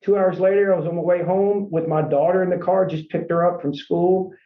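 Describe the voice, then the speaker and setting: A man's voice: high voice, steady tone, a little fast. A man who runs a franchise company, guest on a podcast, telling his story in an earnest, rambling way and often saying "man". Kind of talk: casual storytelling interview. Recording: echoey room, dull lo-fi sound.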